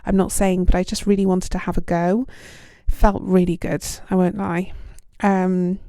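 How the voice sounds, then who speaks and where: A woman's voice: on the low side, little pitch movement, moderate pace, warm tone, clean tone, dry recording, studio quality. A young British woman hosting a podcast, talking in a casual, self-deprecating way with plenty of ums and likes. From United Kingdom. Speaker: podcast host. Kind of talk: casual reflective monologue.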